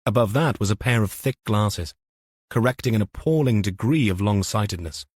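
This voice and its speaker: Low-voiced man narrating a crime novel. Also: dry recording, clean studio sound. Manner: measured, even storytelling. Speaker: audiobook narrator. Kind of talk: scripted narration.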